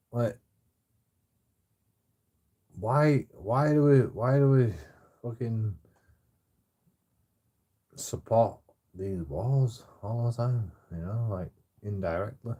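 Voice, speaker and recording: A man's voice: on the low side, darkish tone, slightly rough. A man rambling in casual chat as a streamer, swearing constantly and stammering through restarts.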